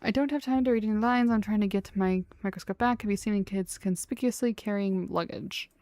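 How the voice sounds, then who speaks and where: A woman doing a rushed, curt doctor guy, impatient, rattles his lines off fast, dry sound. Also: medium pitch, a little mellow, dry recording, lightly acted. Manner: curt, hurried, dismissive. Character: brisk, impatient male doctor from the capital.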